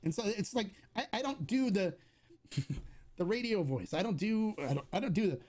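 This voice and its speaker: A man's voice: high-pitched, lively intonation, normal speed, darkish tone. Chatty middle-aged man hosting a Q&A. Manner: chatty and rambling, with many restarts. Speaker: host of a tequila channel. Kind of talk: casual livestream Q&A.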